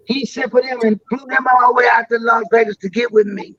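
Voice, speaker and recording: A man's voice: extremely high pitch, steady tone, a little fast, sharp tone, muffled recording. An older man telling long stories as a guest on a live interview, rambling and restarting his words.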